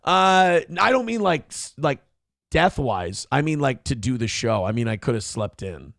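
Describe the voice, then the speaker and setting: A man's voice: medium pitch, big pitch swings, normal speed, fairly bright tone, dry recording, clean studio sound. A man hosting a casual political morning talk show, talking in a profane, sarcastic and rambling way.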